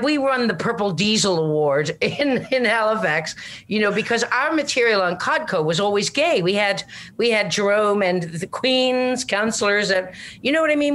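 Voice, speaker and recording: A woman's voice: mid-range voice, a bit bright. An older woman with a Newfoundland accent, a comedic actor chatting as an interview guest, rambling and self-deprecating. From Newfoundland, Canada. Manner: rambling, self-deprecating, full of "you know what I mean". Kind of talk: casual interview chat.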